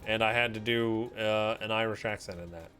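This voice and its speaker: A man streaming a game, chatting loosely with his audience in a hesitant, self-deprecating way. His voice is bright and forward. Quiet game music plays in the background. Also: on the low side, normal speed. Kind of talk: casual live-stream chat.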